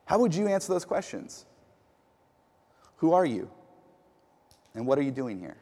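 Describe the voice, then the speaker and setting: A man who is a pastor, preaching a sermon in a relaxed, conversational way and telling stories with casual fillers and repeated words. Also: a little high, measured pace. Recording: long hall reverb.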